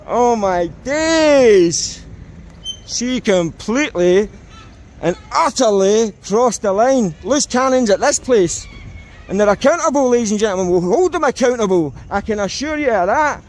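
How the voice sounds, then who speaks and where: A man's voice: high voice, lively intonation, normal speed. A British man filming the police and talking to his viewers, mocking and indignant. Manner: mocking, indignant, talks to camera. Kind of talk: casual vlog commentary to viewers. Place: outdoors on a street.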